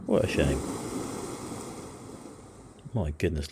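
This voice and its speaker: A man's voice: very deep voice, a little slow, gravelly, noisy background. A man hosting a let's play, giving casual strategy game commentary and muttering to himself with self-deprecating asides.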